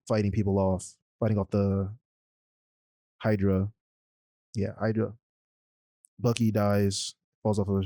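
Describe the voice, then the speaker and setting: Mellow low-voiced podcast co-host man. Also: no echo. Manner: laid-back plot recapping with fillers. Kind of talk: casual chat.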